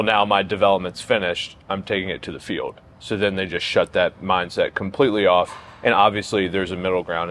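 A young coach with a very deep voice explains his points in a measured way on a casual podcast. A faint hiss runs under the recording.

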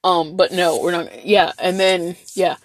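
A woman's voice: on the low side, unhurried, no room sound. A young woman telling a story in a casual vlog, rambling and swearing, with lots of fillers and restarts. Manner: rambling, profane, animated storytelling with many fillers.

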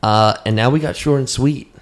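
A man's voice: mid-range voice, normal speed. Easygoing male podcast co-host. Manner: easygoing, laughs often, presents segments. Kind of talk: casual podcast chat, introducing segments.

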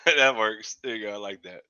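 A man's voice: fairly low pitch, normal speed, sharp tone, clear, resonant tone, lo-fi sound. A man co-hosting a casual gaming session, giggly and joking. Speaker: podcast co-host.

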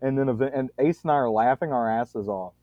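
Swearing casually and often backtracking mid-sentence, a man on a podcast unspools a long, wandering anecdote at a fairly quick clip. His pitch is average for a man, and his voice sounds tinny and narrow, as if over a phone, with a dry, echoless quality.

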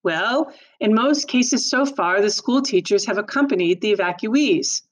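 A woman reading aloud, voicing a strict, sensible father who explains in a firm, measured way. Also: mid-range voice, animated.

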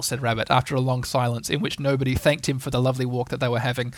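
A man's voice: medium pitch, flat delivery, fast, hardly any pauses, no room sound. A man reading a children's storybook aloud as narrator. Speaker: audiobook reader.

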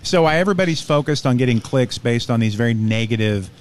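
A man's voice: expressive, quick pace. A man in a mid-range voice talks as a guest on a casual podcast. He jokes at his own expense and keeps the mood upbeat. A faint hiss sits under his voice. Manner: joking, self-mocking, upbeat pitch. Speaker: podcast network founder, guest.

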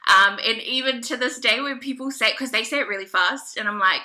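A woman's voice: a little high, fairly quick, sharp tone. A woman from New Zealand hosting a podcast, chatting casually and laughing often. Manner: bubbly, laughs often, playful. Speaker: podcast host. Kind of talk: casual interview chat.

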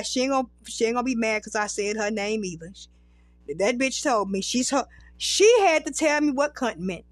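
High-voiced profane woman telling stories. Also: dry recording. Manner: profane, rambling, animated storytelling. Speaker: podcast host. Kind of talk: casual storytelling monologue.

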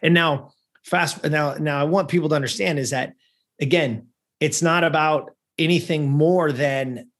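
A man's voice: on the high side, fairly even intonation, unhurried. A man in his fifties from California, a podcast guest telling a personal story in an earnest, conversational way, often restarting phrases and asking "right?". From Lancaster, California. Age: 50s.

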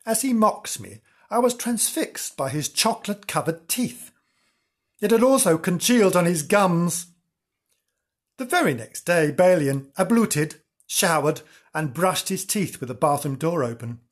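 A man narrates his own misadventures in a scripted, first-person telling full of dry humour. His voice is somewhat husky and sits a little on the high side for a man. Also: big pitch swings, a little slow.

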